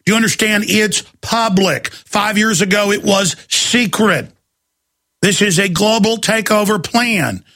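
A man hosting a talk radio show, ranting angrily, often shouting at his listeners. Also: high-pitched, a little slow. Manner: angry, shouting, accusatory. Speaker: radio host.

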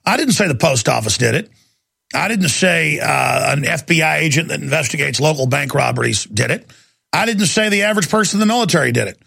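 Gravelly ranting radio host man. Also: on the high side, pushed and bright. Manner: ranting, emphatic, repeats key words. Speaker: radio talk show host. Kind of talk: talk radio monologue.

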